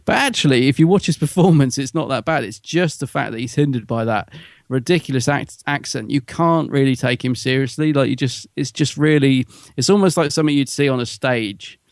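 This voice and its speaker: A man's voice: medium pitch, brisk, gravelly, no echo, clean studio sound. A man co-hosting a podcast, giving his opinions in chatty casual conversation. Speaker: podcast co-host. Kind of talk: casual review chat.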